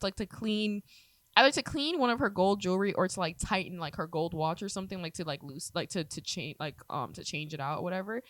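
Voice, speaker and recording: A woman, co-hosting a podcast and telling a story in a casual, profane, animated way. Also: lowish voice, no echo. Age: 20s. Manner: animated, profane, acts out quotes. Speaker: podcast co-host.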